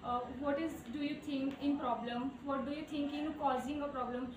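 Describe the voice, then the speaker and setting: A woman giving a halting classroom presentation with filler pauses. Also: high-pitched, steady tone, dull audio, background noise. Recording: distant voice in an echoey room.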